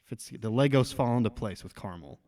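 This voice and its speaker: A man's voice: mid-range voice, lively intonation, fast talker. A young man co-hosting a podcast, chatting casually in a rambling way full of "like" fillers. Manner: rambling, filler-heavy, laughs at own jokes. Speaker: podcast co-host. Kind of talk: casual chat.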